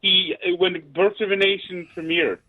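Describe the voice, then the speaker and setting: A male talk show guest speaking in a halting way, with many fillers. His voice sits a little high. It comes through a tinny phone line. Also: little pitch movement. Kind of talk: call-in talk show chat.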